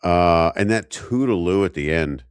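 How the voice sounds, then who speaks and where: Low-voiced guy co-hosting a podcast, rambling recap with jokes, dry close sound. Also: expressive, measured pace, clear, resonant tone, no room sound. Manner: rambling recap with jokey asides. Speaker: podcast co-host recapping episodes. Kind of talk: casual chat.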